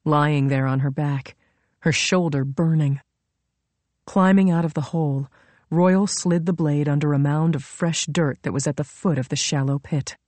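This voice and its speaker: A woman narrating a story in a measured, dramatic way on a close mic. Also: sits low, steady tone, mellow, no room sound. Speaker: audiobook narrator. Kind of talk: scripted narration.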